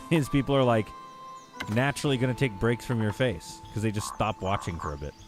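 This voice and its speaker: A man's voice: lowish voice, lively intonation, brisk. A man casually thinking aloud and bantering with his chat while he plays a building game on a live stream. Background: background game music.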